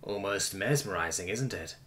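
A man voicing an easygoing young human man who talks softly and gently, coaxing a wary animal. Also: deep voice, lively intonation, moderate pace, a little hiss or hum, pitched below the performer's own voice. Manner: soft, coaxing, casual. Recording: faint music underneath.

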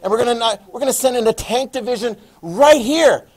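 A male history teacher lecturing a classroom in a playful, animated way, adding sound effects. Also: very high-pitched, a little fast.

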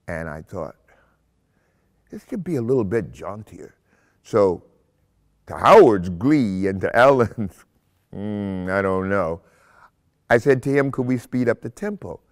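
Older guy, lowish voice, spins animated showbiz stories, laughs a lot, does all the voices. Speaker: actor telling career stories. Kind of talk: anecdotal interview storytelling.

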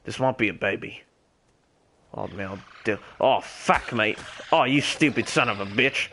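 A man's voice: lowish voice, normal speed, slight background noise. A man putting on a swearing Aussie larrikin gamer. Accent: put-on Australian. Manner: rambling, swears a lot, calls out loudly to other players. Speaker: streamer playing as a character. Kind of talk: in-character game role-play stream.

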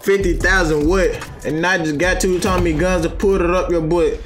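A man's voice: sits high, steady tone, moderate pace. A man streaming his reactions to a reality show in loose, slangy casual talk with plenty of swearing.

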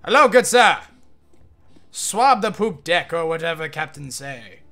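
A man's voice: on the high side, lively intonation, a little slow, bright, forceful tone, soft background music, heavily acted. A man putting on a boisterous, swaggering pirate captain voice with growled exclamations and a hammy delivery.

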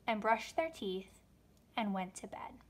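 Reading a rhyming children's book aloud, a woman with a medium-pitched voice speaks a little slowly, giving the story an expressive delivery.

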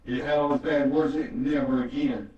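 A man's voice: mid-range voice, steady tone, normal speed. A man preaching a sermon, telling a story in earnest and repeating phrases for emphasis. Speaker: pastor. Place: church sanctuary. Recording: echoey, distant, dull church recording.

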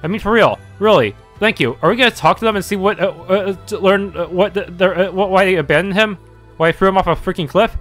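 A let's-play gamer talks casually as he plays, reacting aloud and stumbling over words. His voice sits high for a man. Faint game music runs underneath. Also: fairly bright tone. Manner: chatty, reacting aloud with fillers.

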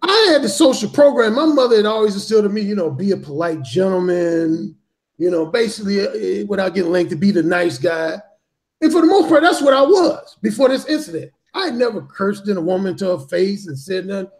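Speaking a little fast in a high, expressive voice, a man who writes about dating tells a story as a podcast guest. He is blunt and profane, stressing words heavily in this casual talk-show setting.

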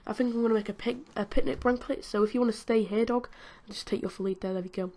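A woman's voice: fairly high pitch, fairly even intonation, quick pace, a little mellow. A British woman giving chatty, giggly commentary while playing a video game, talking to the game's characters as she goes. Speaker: gaming channel host. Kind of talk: casual gameplay commentary.

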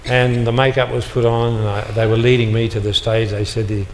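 An older man gives a motivational talk to a live crowd in a large hall, acting out the dialogue in his stories with punchy comic timing. His medium-pitched delivery is flat and fairly quick. The live hall recording has long reverb plus a little hiss or hum.

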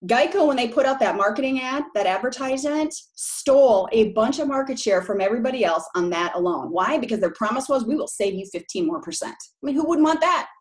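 A woman's voice: sits high, lively intonation, fairly quick, hardly any pauses. A woman in her forties from Minneapolis with a Minnesota accent and long O's, giving a frank, chatty presentation to an audience of real estate agents and often checking in with "right?". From Minneapolis, Minnesota, USA.

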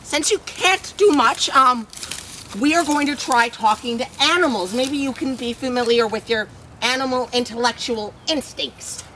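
A woman playing a crazy, hot-tempered scoutmaster who curses and swings between yelling and meekness. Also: sits high, normal speed. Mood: instructive. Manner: cursing, erratic swings from yelling to meek. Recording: noisy amateur home video.

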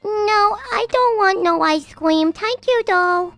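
A woman doing a very high whiny baby girl. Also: slow, gravelly, fairly bright tone, dry recording, soft background music, full character voice. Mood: sweet. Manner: childlike and pleading.

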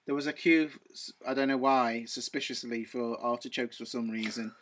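A man's voice: mid-range voice, fairly even intonation, normal speed, fairly bright tone. A man chatting casually as a vlog guest, rambling with frequent restarts. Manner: hesitant, rambling, full of restarts. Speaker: guest, co-host. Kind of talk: casual chat.

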